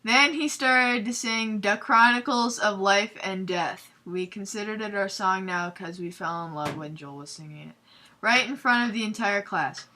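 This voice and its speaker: A young woman hosting a comedic fanfiction readthrough, reading aloud with sarcastic, giggly, deadpan asides. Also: medium pitch, normal speed.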